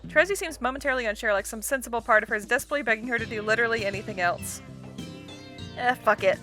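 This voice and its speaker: A woman's voice: on the high side, very fast, bright, forceful tone, faint music behind. A woman hosting a let's-play, reading a visual novel aloud with casual, chatty commentary and laughing at the script.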